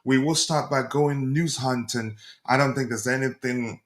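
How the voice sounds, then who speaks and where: Man, live-stream host, slightly hoarse with a cold, upbeat and loud, lots of ums, mid-pitched voice. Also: steady tone, normal speed. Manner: loud, upbeat greetings with frequent fillers. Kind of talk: casual live-stream chat.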